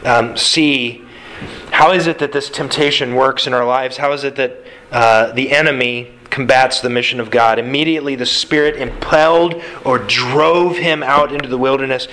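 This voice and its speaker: A man's voice: mid-range voice, fairly even intonation, moderate pace, pushed and bright, a little hiss or hum, low-quality recording. A man preaching a sermon in a conversational way, with fillers and asides. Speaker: pastor.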